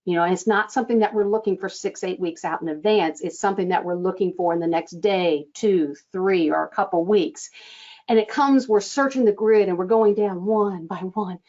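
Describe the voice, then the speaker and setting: A woman coaching front-desk staff on phone scheduling, acting out sample lines with lively changes of tone. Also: mid-range voice, moderate pace, highs cut off. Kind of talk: instructional talk.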